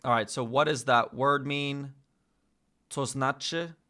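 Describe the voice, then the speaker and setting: Bright-voiced man musing aloud while studying. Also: mid-range voice, level tone. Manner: musing, self-correcting, sounds out foreign words slowly. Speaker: vlogger learning a language. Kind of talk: casual thinking-aloud study session.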